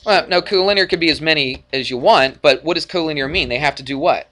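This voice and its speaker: Bright-voiced man teaching a classroom math lesson. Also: on the high side, fast. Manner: energetic, jokey, asks frequent check-in questions. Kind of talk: classroom lecture.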